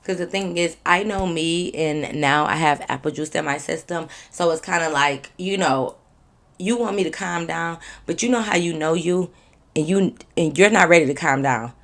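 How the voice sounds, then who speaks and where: A woman with a somewhat low voice tells a story straight to her viewers in a casual vlog. She talks bluntly and with energy, swears freely, repeats lines for emphasis and keeps asking viewers what they think. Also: moderate pace, a bit bright. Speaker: vlogger telling a story.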